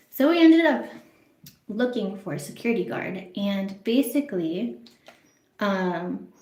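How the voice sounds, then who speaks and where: A woman telling a casual, rambling story on social media, excited and swearing often, in a busy mall. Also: medium pitch, echoey room. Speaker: vlogger. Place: public place in a busy mall.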